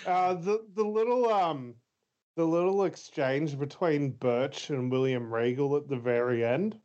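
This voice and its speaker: A man's voice: on the high side, measured pace, darkish tone. Rambling laid-back man, lo-fi podcast. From Australia. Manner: rambling, filler-heavy, laughs easily. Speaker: podcast co-host. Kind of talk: casual chat. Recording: slightly dull lo-fi audio.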